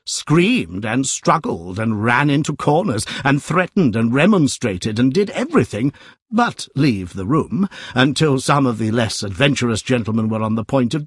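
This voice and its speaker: A man narrating a classic novel aloud, with a lively, varied storytelling delivery. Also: mid-range voice, slightly rough, no room sound, studio quality.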